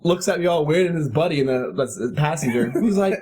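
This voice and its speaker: A man in his thirties hosting a casual podcast chat, telling a profane story in an animated way and laughing often. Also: on the high side, fast, few pauses, slightly rough. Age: 30s. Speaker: podcast host.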